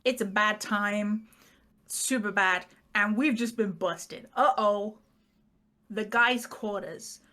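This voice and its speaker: A British woman recapping a tabletop game in casual, rambling chat, self-mocking and quick to laugh. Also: mid-range voice, sharp tone. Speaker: player giving the recap.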